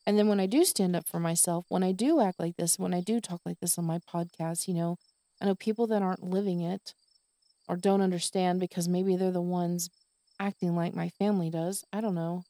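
Tired woman ranting + cursing on her podcast, mellow voice, dry close sound. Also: on the low side, steady tone, brisk, no room sound. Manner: exasperated, swearing, tired ranting. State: exhausted. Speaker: podcast host. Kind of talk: venting monologue.

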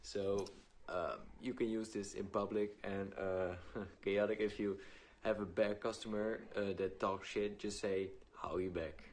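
A man presenting a casual language clip in a relaxed way, with lots of fillers. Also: lowish voice, unhurried.

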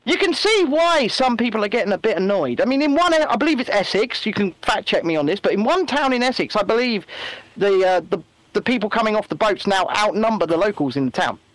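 A man chatting casually as a podcast co-host, animated and given to mocking voices. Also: high voice, fairly quick, no echo. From England. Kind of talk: casual political chat.

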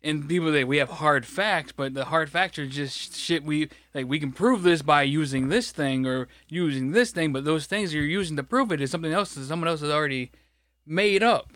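A grocery stocker co-hosting a podcast vents in a casual, profane chat, his voice fairly high, brisk and fairly bright with no room sound. He rambles, sounds frustrated and swears a lot.

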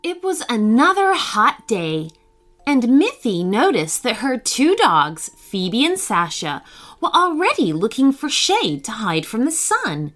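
A woman host narrating a children's story in an animated storyteller manner. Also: on the high side, slow pace. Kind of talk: scripted narration.

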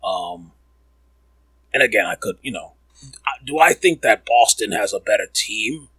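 A man's voice: on the low side, expressive, measured pace, sharp tone, slightly rough, dry recording, low-quality recording. A man hosting a comedic sports podcast, rambling and riffing with profanity.

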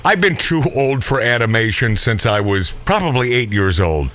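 Rambling, animated talk radio host. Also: male voice, medium pitch, normal speed. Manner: rambling, joking, laughs often. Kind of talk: casual talk radio banter.

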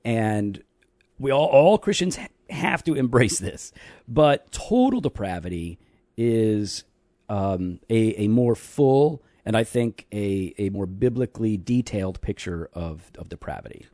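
A man co-hosting a casual theology podcast, dry and teasing, slowing down when he explains doctrine. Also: lowish voice, lively intonation, warm tone, no echo. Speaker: podcast co-host.

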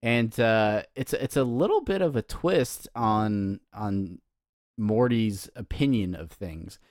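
Casting: male podcast co-host, lowish voice, hesitant and reflective, dry recording. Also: lively intonation, darkish tone, no room sound. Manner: halting, many restarts and fillers, thoughtful. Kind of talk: casual chat.

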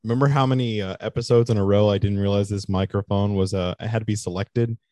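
A man's voice: lowish voice, fairly even intonation, fast talker, warm tone, no room sound, studio quality. A man co-hosting a casual podcast chat, with wry remarks. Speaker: podcast co-host.

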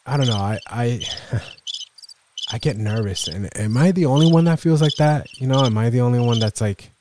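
A man's voice: medium pitch, normal speed, noisy background. A man hosting his own photography podcast, talking in a rambling, self-deprecating way with many fillers and restarts. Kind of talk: casual solo podcast monologue.

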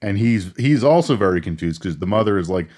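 A man co-hosting a casual movie podcast, rambling through the plot with laughs and quick character impressions. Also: on the low side, expressive, a little mellow. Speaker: podcast co-host. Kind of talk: casual movie recap chat.

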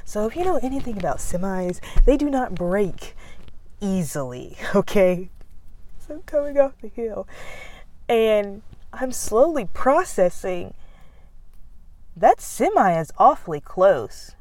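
A woman's voice: medium pitch, sing-song, slow, darkish tone. A young woman podcaster chatting casually outdoors, rambling off on tangents, laughing and losing her words. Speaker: podcast host. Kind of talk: casual chat. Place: outdoors, near a road.

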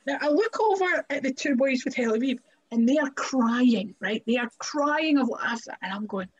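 The guest here is a young woman wrestler telling stories on a podcast, her high, expressive voice carrying a breathy edge at a moderate pace. The recording cuts off the highs. She chats casually, laughs a lot, and says "like" constantly.

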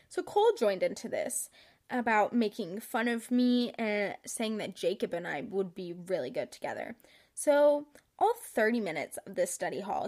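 A young woman hosting a podcast, reading her old journal aloud in casual chat, sarcastic and giggly, swearing freely. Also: a little high. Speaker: podcast host.

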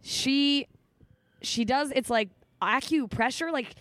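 A woman's voice: high-pitched, slow, a bit bright, no echo. A woman in her thirties hosting a podcast, talking candidly and emotionally in casual chat, swearing often. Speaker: podcast host.

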